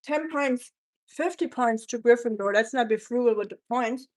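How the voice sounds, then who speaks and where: A woman from Germany hosts a cooking live stream and speaks English with a German accent. She chats loosely and answers viewer comments one after another. Her voice sits a little on the high side. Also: moderate pace, darkish tone. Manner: chatty, reads viewer comments aloud and answers them. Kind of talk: casual live-stream chat while cooking.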